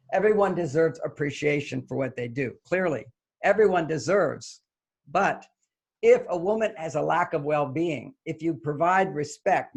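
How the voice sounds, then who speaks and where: This older guest author has a gravelly, somewhat high voice. In conversation with an interviewer, he lays out his thinking in a lively way, performing small snippets of dialogue as he talks.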